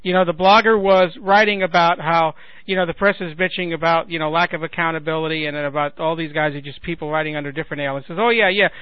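Indignant high-voiced man on lo-fi radio. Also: level tone, fast, no echo. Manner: sarcastic, indignant, repeats words while thinking. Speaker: radio talk host. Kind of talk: political commentary monologue. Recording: thin phone-like radio sound.

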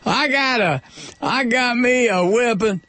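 A man voicing a loud, boastful gun-loving guy who hollers in a high, brash voice. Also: animated, measured pace, no echo, full character voice.

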